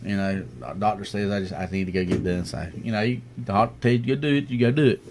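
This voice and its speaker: A man's voice: fairly low pitch, fast talker, background noise. A middle-aged man co-hosting a podcast, telling stories in casual banter and laughing a lot. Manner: animated storyteller, acts out quotes, laughs a lot. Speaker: podcast co-host.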